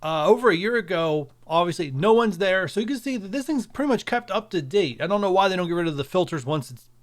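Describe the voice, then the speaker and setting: A man with a high, animated voice talks fast to his viewers, covering mobile game updates over screen capture. As a video creator, he keeps it casual, chatty and full of speculation.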